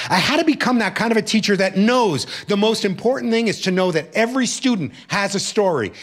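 A man telling a personal story from his teaching life to an audience, acting out the voices of the people in it. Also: fairly high pitch. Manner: animated, acting out quoted voices.

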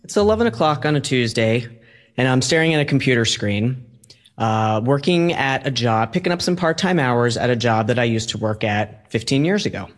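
Man telling a personal story, conversational and halting, quotes acted out, mid-range voice. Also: mid-range voice, expressive, soft background music.

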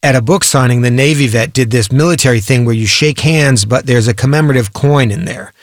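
A man reads a news feature in a steady, measured voice. The sound is close and dry, with no room around it. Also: medium pitch, dry recording. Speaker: radio reporter. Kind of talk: scripted news report.

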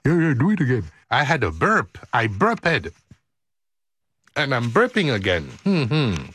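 A man hosts a radio music show, joking his way through outtakes and telling stories while laughing often, animated and playful throughout. His mid-range voice is slightly rough and his pace measured, captured in a dry recording.

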